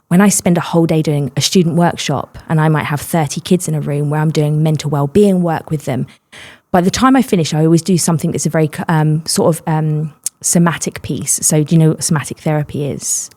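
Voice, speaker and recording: A woman with a fairly low voice chats as a podcast guest. She speaks openly and keeps the story rolling, sometimes speeding up with a laugh in her voice. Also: fairly even intonation, a little mellow. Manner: open and talkative, quick bursts with laughter. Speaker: podcast guest, mental well-being workshop leader. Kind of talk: casual podcast conversation.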